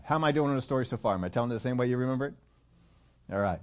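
A man's voice: mid-range voice, animated, very fast. A man preaching, telling a story in a chatty way, often quizzing his audience and restarting his sentences. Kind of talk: storytelling sermon. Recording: dull lo-fi recording.

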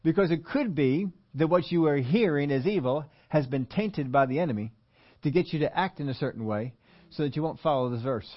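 A man preaching an animated sermon and asking his congregation questions. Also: a little high, fairly quick, lo-fi sound. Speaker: pastor.

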